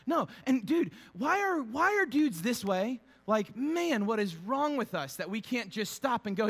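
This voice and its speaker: A man's voice: high voice, normal speed, hardly any pauses, long reverb tail. A young man preaching a casual, humorous sermon as pastor, acting out quotes in playful voices. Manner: animated, acts out quotes with funny voices.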